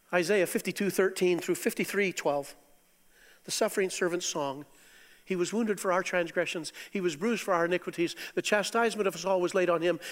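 A middle-aged man preaching a sermon, animated, swinging from loud exclamations to quiet asides with chuckles. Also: on the high side. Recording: long hall reverb.

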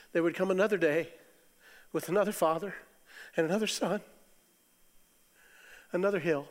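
Middle-aged male preacher, high-voiced, animated, loud bursts and soft asides, long hall reverb. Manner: animated, swings from loud exclamations to quiet asides, chuckles. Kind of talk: sermon.

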